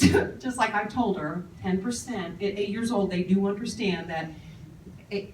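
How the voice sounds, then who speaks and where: Animated woman telling stories in an echoey room. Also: high voice, distant mic, slight background noise. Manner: animated storyteller acting out quoted voices. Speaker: speaker on paper clutter. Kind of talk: storytelling talk to an audience. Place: meeting room before a live audience.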